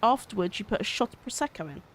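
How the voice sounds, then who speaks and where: A woman's voice: on the high side, expressive, racing, slight background noise. Friendly woman on a stream. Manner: friendly, thanks viewers, describes cocktails. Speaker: co-host of a farming game livestream. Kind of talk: casual live-stream chat.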